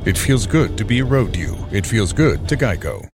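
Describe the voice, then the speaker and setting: A very deep male voice reads a commercial script calmly and evenly, with music playing clearly underneath. The delivery is measured and polished, like a classic radio spot. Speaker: announcer. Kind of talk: scripted ad narration.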